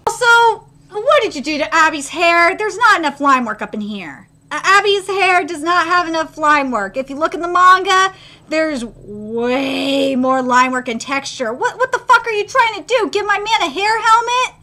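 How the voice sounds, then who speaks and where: A young woman reacting live to an anime episode, excitable and swearing freely, jumping from loud squeals to low grumbles. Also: normal speed.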